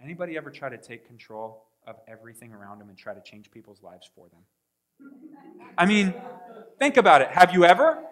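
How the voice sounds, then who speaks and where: A male pastor preaching a sermon in a conversational way, asking the congregation questions and acting out prayers, swinging from quiet asides to loud bursts. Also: mid-range voice, big pitch swings, brisk, pauses often.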